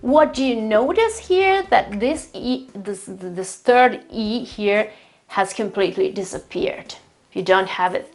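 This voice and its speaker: A woman, a native Italian speaker, teaching an English pronunciation lesson at a whiteboard, explaining patiently with frequent fillers and saying words slowly several times over. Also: on the high side, lively intonation, soft background music. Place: room with a whiteboard.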